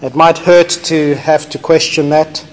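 A man preaching a sermon, impassioned, swinging between loud and hushed lines. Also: a little high, level tone, measured pace. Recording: echoey hall with noise.

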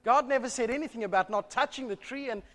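A man preaching a sermon in church, telling a story with animated delivery and rhetorical questions. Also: extremely high pitch, fast talker. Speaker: pastor. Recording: long church reverb.

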